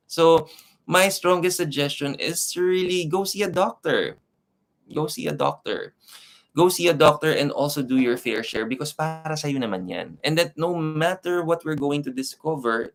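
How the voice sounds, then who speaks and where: A man's voice: medium pitch, fairly bright tone. A young man with a Filipino accent, a Reiki master and tarot reader chatting casually with viewers on a live stream, switching between English and Tagalog and laughing often. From Philippines.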